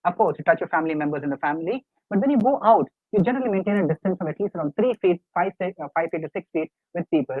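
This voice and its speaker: Middle-aged man, high voice, life coach pleading and repeating to an online class, recorded on a dry, phone-thin call. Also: expressive, rapid-fire, hardly any pauses, dry recording, phone-quality sound. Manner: earnest, repetitive, coaxing the audience. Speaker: life coach presenting a webinar. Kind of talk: live webinar lecture.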